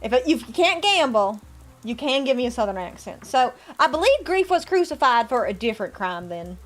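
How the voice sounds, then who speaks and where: A woman's voice: a little high, sing-song, a little fast. A woman streaming a game live, chatting playfully with viewers and reading the game's text aloud. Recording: faint music behind.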